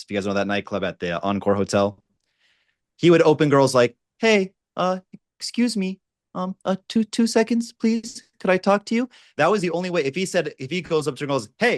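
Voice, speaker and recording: A man working as a dating coach, telling a laid-back, animated anecdote over a video call on a panel. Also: on the low side, dry recording, studio quality. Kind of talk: casual panel storytelling.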